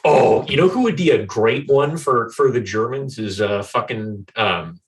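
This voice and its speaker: Heard from a distance from the mic, this podcast co-host speaks unhurriedly in a mid-range voice. The talk is relaxed gaming chat, full of easy laughter and casual swearing.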